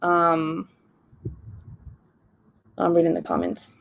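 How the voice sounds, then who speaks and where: A woman's voice: fairly low pitch, completely flat delivery, slow pace, creaky, highs cut off. A young woman live streaming, telling a long story in a casual, rambling way while reading the comments. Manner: chatty, rambling, heavy use of "like".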